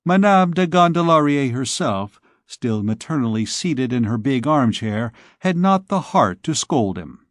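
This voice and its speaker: Brief: a man narrating a classic novel, unhurried, dry studio read. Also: medium pitch, no echo. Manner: measured, even storytelling. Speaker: audiobook narrator. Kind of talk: scripted narration.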